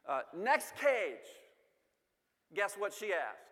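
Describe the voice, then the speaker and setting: Male speaker, self-deprecating storyteller, slightly high voice, long hall reverb. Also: expressive, slow pace, sharp tone. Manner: humorous, self-deprecating, repeats words. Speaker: speaker telling a family story. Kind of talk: storytelling talk to an audience.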